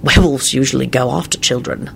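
A reader doing a quiet, weary werewolf man. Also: mid-range voice, quick pace, a little hiss or hum. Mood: calm. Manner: quiet, firm, hoarse at times. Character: weary grown man, a werewolf, steady under strain.

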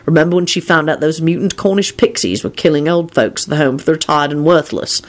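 A woman voicing a weary, resigned adult wizard who talks in a slow, tired way. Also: deep voice, lightly acted.

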